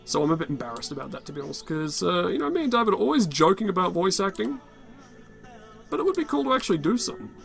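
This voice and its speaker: Raspy-voiced man muttering through gameplay. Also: sits high, very animated, fast, fairly bright tone, soft background music. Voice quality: raspy, worn-out voice. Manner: rambling, swears often, mutters to himself. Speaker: gaming channel host. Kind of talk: casual gameplay commentary.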